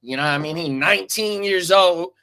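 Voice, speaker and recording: A man's voice: sits high, brisk, bright, forceful tone, smooth. A man co-hosting a casual podcast, talking bluntly in slang and reading viewer comments aloud. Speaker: co-host.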